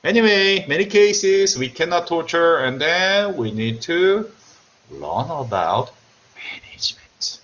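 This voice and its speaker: Male lecturer, Korean accent, highish voice, lively jokey delivery, dull lo-fi online class sound. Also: slow pace. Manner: joking, animated, repeats himself. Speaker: university lecturer. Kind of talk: remote university lecture.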